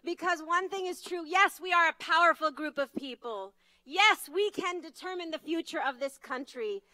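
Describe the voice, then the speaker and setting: High, bright-voiced woman rallying a crowd. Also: normal speed, no room sound, poor audio. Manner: urgent, emphatic, emotional. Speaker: advocacy leader giving a speech. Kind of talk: impassioned rally speech. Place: conference stage.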